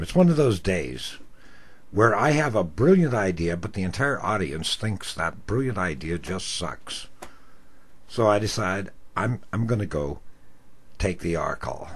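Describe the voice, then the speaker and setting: An older man, a former radio talk host, telling a story in an animated, self-mocking way. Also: low voice, breathy edge. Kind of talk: storytelling monologue.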